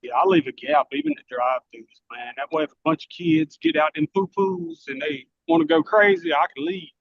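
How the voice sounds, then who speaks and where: Quick-talking gravelly guy cracking jokes on a dull-sounding zoom line. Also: on the high side, expressive, dry recording. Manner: quick wisecracking replies. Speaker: meeting participant. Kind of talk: casual chat on a video call. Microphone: video call. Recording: muffled video call audio.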